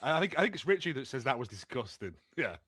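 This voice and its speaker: A man co-hosting a podcast who drops quick comments into a casual chat. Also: medium pitch, big pitch swings, a bit bright, husky, no echo. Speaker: podcast co-host.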